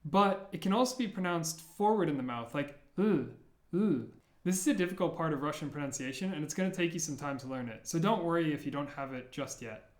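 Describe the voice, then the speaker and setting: A man's voice: on the high side, fast, reverberant. A man teaching an online language lesson, patiently modeling sounds and reassuring learners.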